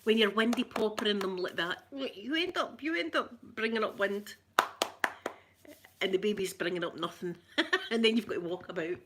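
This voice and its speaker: A woman's voice: medium pitch, expressive, normal speed, heavy background noise. A middle-aged Scottish woman chatting casually with her live viewers, greeting them by name and laughing often. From Scotland. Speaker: ASMR livestream host.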